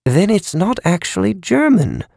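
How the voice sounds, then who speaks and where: A man's voice: high voice, very animated, unhurried, creaky, a little mellow, no echo, voice pushed up, heavily acted. A man narrating a story, voicing a severe, educated man who speaks in a precise, dry and cutting way. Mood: probing.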